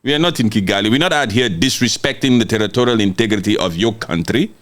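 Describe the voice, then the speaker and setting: A man's voice: lowish voice, fast, a bit bright. A man from Congo giving an impassioned, mocking political rant, repeating words for emphasis and answering viewer comments. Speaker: live-stream political commentator.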